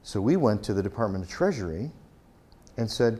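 Pastor, male, lowish voice, storytelling talk style, acts out dialogue. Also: very animated, normal speed, mellow. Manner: storytelling, acts out quoted exchanges, conversational. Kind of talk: conference talk.

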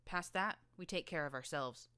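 A woman voicing a tough, streetwise young filly gang leader with a rough rural drawl and a blunt, slangy manner. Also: sits low, normal speed, bright, forceful tone, dry recording.

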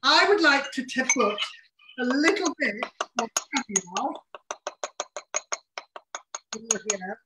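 A woman's voice: sits high, very animated, takes it slowly, long pauses, roomy sound, heavy background noise. A woman chef co-hosting a live cooking demonstration from her home kitchen over a video call, talking in a bubbly, instructive, exclamatory way. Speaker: chef and co-host.

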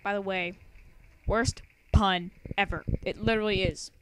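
A woman's voice: mid-range voice, fairly even intonation, a little slow, background noise. A young woman narrating a let's play, chatty and sarcastic, rambling with singsong asides. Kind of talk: casual game commentary.

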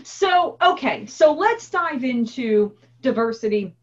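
High lively woman host. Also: slow pace. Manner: enthusiastic and conversational. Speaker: podcast host. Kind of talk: interview hosting. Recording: dull lo-fi recording.

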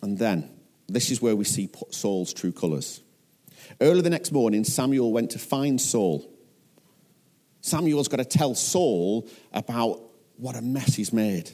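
English male pastor, dark mellow tone, animated sermon storyteller. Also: mid-range voice, measured pace. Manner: animated storytelling, acting out scripture voices.

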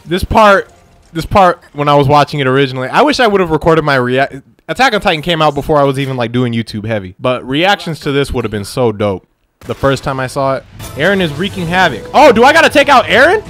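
An excitable young man narrates his gameplay, trash-talking the game and yelling at it. His voice sits high and swings widely up and down. Faint music plays under him. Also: quick pace. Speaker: gameplay YouTuber. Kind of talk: let's play commentary.

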